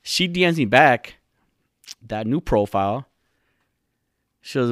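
A man casually telling a personal story to the camera, swearing freely and jumping high in pitch when he retells his own reactions. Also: lively intonation, slow pace, a bit bright, no echo, clean studio sound.

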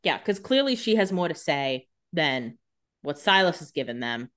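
A woman's voice: deep voice, very animated, moderate pace, fairly bright tone. A woman co-hosting a podcast, chatting casually about a TV episode with wry jokes and frequent laughter. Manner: wry and joking, laughs often. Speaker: podcast co-host. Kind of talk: casual chat recapping a TV episode.

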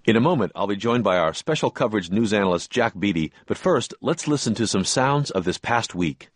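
Low-voiced male radio host. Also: animated. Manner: measured, formal announcer delivery. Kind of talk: public radio interview and news hosting.

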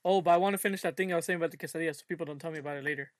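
A young man co-hosting a podcast, telling childhood stories in a casual, animated way and acting out the voices he quotes. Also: a little high, very fast. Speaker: podcast co-host. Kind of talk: casual chat.

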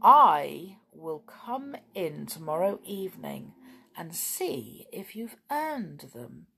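A woman voicing a kind, gentle old lady neighbour who pleads softly. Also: fairly low pitch, big pitch swings, slow, gravelly, breathy edge, heavily acted. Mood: pleading.

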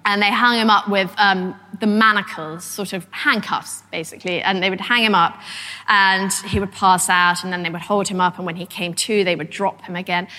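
A middle-aged woman giving a lively, conversational history talk with frequent restarts. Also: medium pitch. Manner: animated, conversational, many fillers and restarts. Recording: long hall reverb.

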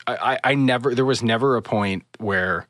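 A man hosting a casual podcast chat, telling stories with animated swings and high-pitched imitations of people. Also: normal speed, no echo, clean studio sound. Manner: animated storytelling, mimics voices in high pitch. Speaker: podcast host.

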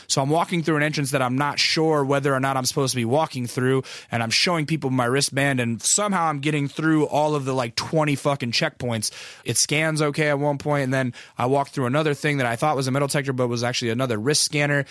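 A man's voice: medium pitch, fairly even intonation, fast talker, a bit bright, dry recording, clean studio sound. A man telling a long story in casual, rambling speech, full of profanity and self-deprecating asides.

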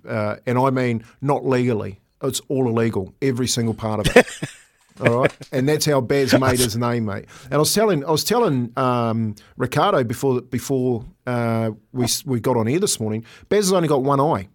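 A middle-aged man hosts a breakfast radio show. He chats loosely and laughs easily while he spins an old playing story, his voice sitting at an ordinary pitch. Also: moderate pace. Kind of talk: casual radio chat.

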